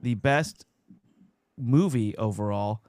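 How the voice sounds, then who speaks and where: Joking podcast host, dry close sound. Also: male voice, lowish voice, slow, darkish tone, no echo. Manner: rambling, jokey, reads out listener posts. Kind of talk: casual chat.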